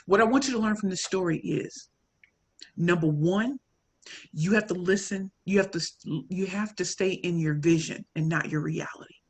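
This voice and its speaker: A woman from St. Louis with a St. Louis accent, telling a story and coaching in an animated, audience-directed way. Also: lowish voice, moderate pace, breathy edge. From St. Louis, Missouri. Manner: animated, addresses audience as y'all, acts out quoted lines. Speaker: pitch coach and speaker. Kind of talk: motivational talk, storytelling.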